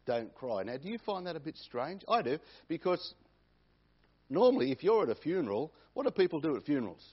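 A man's voice: a little high, sing-song, fairly quick, slightly rough. A man preaching a sermon, repeating key phrases for emphasis. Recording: dull lo-fi recording.

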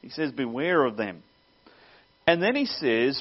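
A man's voice: medium pitch, big pitch swings, unhurried, breathy edge. A man preaching a sermon, earnest and teaching, with wry asides. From Australia. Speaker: pastor. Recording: dull lo-fi sound.

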